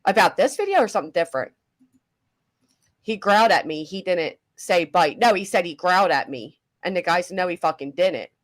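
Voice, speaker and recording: A middle-aged woman hosting a casual reaction chat, chatty and animated, swearing casually. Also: lowish voice, fairly quick. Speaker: commentary host.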